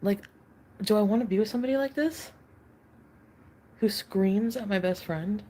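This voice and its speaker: A woman's voice: medium pitch, moderate pace, warm tone, slight background noise. A young woman talking on a livestream, rambling and repeating herself, swearing freely as she goes. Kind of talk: livestream chat.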